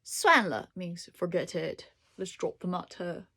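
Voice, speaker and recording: A woman's voice: fairly low pitch, animated, unhurried, fairly bright tone, husky. A woman casually reading dictionary entries aloud to herself, trying out Chinese words with small asides and occasional whispers. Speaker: language learner reading a dictionary.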